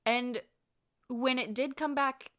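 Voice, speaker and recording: A woman vlogger telling a ghost story in a chatty, animated, casual way, laughing and swearing freely. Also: high-pitched, takes it slowly.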